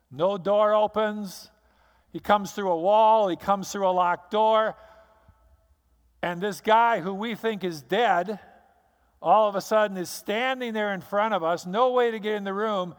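A pastor with a high, bright, clear, resonant voice preaches at a measured pace with long pauses. He tells the story dramatically and acts out scenes, and a long reverb trails each phrase as if he's in a church hall.

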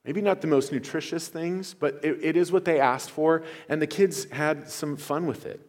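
A man's voice: a little high, moderate pace, darkish tone. A man preaching as pastor to his church, earnest and conversational, sharing announcements with enthusiasm. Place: church sanctuary. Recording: long hall reverb.

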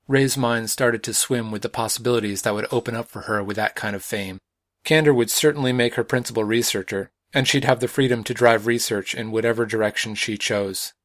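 A man narrating a science fiction audiobook in an even, measured way. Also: medium pitch, no room sound, studio quality.

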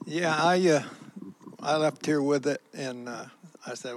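A man's voice: fairly high pitch, unhurried, a little hiss or hum, rough recording. A man rambling through a folksy testimony at a church gathering. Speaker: church member sharing a testimony. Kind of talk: casual spoken testimony.

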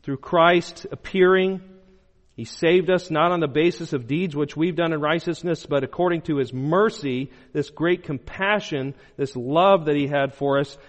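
A man preaching a sermon as pastor, moving between loud emphatic bursts and low, quiet phrases. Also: normal speed. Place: church sanctuary. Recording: long hall reverb.

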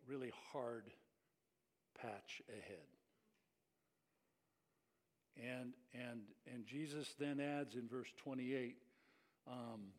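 A male pastor preaching a sermon, acting out the lines he quotes, often restarting words. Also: mid-range voice.

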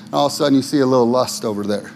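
A male pastor preaching a sermon. His phrasing is rhythmic and repetitive, and his voice swings from impassioned highs to sudden low, quiet emphasis. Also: racing, gravelly, slight background noise.

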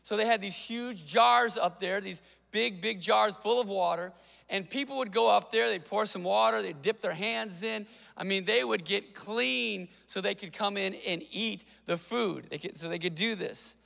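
Guy preaching, raspy edge, chatty animated sermon, echoey big hall. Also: high voice. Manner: conversational, animated preaching with quick asides. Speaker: pastor.

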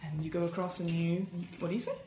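A woman's voice: on the low side, fairly even intonation, fast. A woman running a tabletop role-playing game as game master, playful and often laughing as she narrates and calls for dice rolls. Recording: echoey room, faint noise.

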